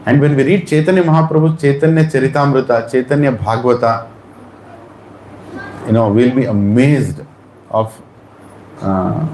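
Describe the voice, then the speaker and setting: A man giving an animated storytelling sermon at a temple Sunday feast, acting out the lines of the people in his story. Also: mid-range voice. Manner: animated, acts out dialogue in changing voices. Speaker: devotional speaker. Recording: echoey hall, faint room noise.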